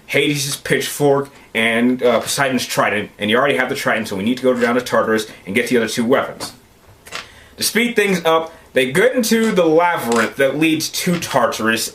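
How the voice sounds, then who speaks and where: Young guy rambling through a movie recap, lots of uhs and likes, mid-pitched voice, faint hiss behind. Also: a bit bright. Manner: rambling, loose, full of fillers. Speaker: movie reviewer. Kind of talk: casual spoken movie recap.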